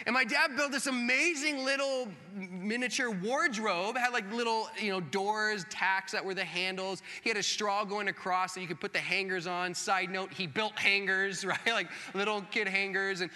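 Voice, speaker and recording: A man in his thirties, a pastor telling a self-mocking story in a sermon, animated and acting out the voices of others. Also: sits high, normal speed, hardly any pauses. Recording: long hall reverb.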